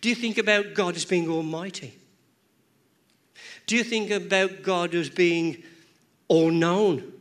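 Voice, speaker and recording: A male preacher delivering a sermon in a church, his voice sitting a touch higher than most men's. He talks in rhythmic, emphatic runs, circling back over words and phrases to drive each point home. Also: a bit bright.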